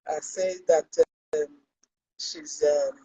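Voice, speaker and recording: Animated preachy woman hosting a talk show. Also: low voice, takes it slowly, vocal fry, low-quality recording. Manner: lively, sermon-like, loud bursts for emphasis. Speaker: host of a Christian health talk show. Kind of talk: live online talk show, preachy storytelling.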